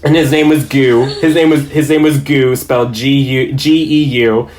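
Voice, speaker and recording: Guy dm rambling through game stories, amused at himself, middle pitch. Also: steady tone, moderate pace, a little mellow. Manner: rambling, self-amused storytelling. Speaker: podcast guest, dungeon master. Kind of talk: casual chat.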